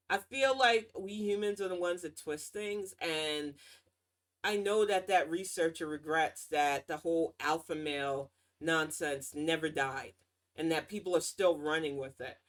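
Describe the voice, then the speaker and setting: A woman hosting her own show, ranting in casual political commentary with a sarcastic, mocking tone and lively swings in pitch and loudness. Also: a little slow. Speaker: podcast host.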